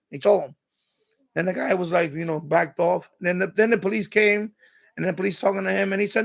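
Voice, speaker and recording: A man rants through a casual live stream in a high, gravelly voice. He rambles and repeats himself in streetwise slang. He slips into other people's lines as he retells what they said. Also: fast talker. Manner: acts out quoted exchanges. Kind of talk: casual ranting commentary.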